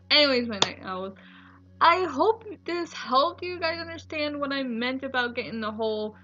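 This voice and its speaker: Chatty young woman with a bright, lo-fi voice. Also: fairly high pitch. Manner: chatty, rambling, many "like" fillers. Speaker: vlogger. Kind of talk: casual storytelling vlog. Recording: dull lo-fi recording with faint music.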